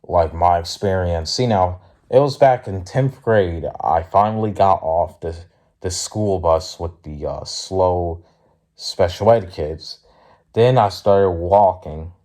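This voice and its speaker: A sleepy student vlogger from Philadelphia, USA, tells a casual story in a deep, slow, mellow voice, yawning as he goes. He rambles with plenty of fillers like "like," and turns blunt and profane when he gets heated.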